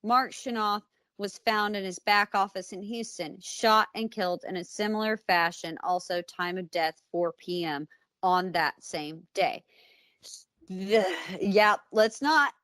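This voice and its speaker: American woman podcast co-host, mid-pitched, close and dry sound, casual blunt true-crime recap. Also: unhurried, a bit bright, no echo. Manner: conversational, blunt, with fillers and asides.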